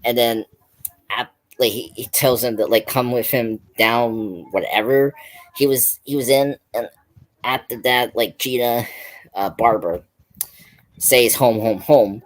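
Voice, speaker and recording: Speaking in a mid-range voice, unhurried, a man hosting a pop culture stream recounts scenes from a film. It's casual review chat, loose and rambling, peppered with "like" and restarts.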